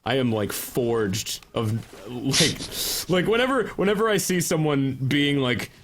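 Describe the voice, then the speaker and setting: A man's voice: medium pitch, big pitch swings, a little slow, fairly bright tone, a little hiss or hum. A young man co-hosting a gaming stream, trading sarcastic, profane banter and slipping into mocking voices. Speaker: co-host. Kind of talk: casual chat while gaming.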